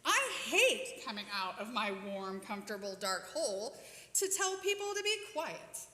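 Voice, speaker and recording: A cranky storybook mole, put on by a woman, grumbles about being disturbed in an irritated tone. His voice swoops up and down with lively pitch. It sounds in a big echoey church hall with long reverb. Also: a little slow, heavily acted. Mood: grumpy. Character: grumpy male mole, hates leaving his hole.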